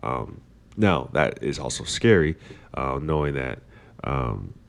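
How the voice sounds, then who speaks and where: A man's voice: rumbling low, big pitch swings, slow, creaky, smooth. A man hosting a casual philosophical monologue, rambling with many fillers and restarts. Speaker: podcast host.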